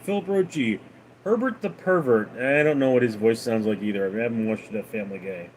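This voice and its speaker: A man hosting a casual livestream, reading viewer questions aloud and answering them in a deadpan way. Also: medium pitch, a little fast, a little hiss or hum. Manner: deadpan, reads names then answers. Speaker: livestream host.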